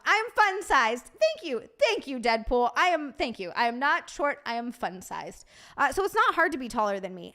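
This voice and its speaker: Young woman, streamer, bubbly, profane, casual chat, fairly high voice. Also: pushed and bright. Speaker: live streamer.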